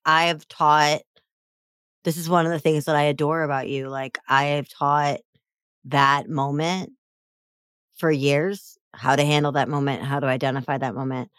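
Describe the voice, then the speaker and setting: A woman hosting a podcast, talking frankly and lively with quick asides. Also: deep voice, smooth, dry recording, studio quality. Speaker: podcast host. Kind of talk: podcast conversation.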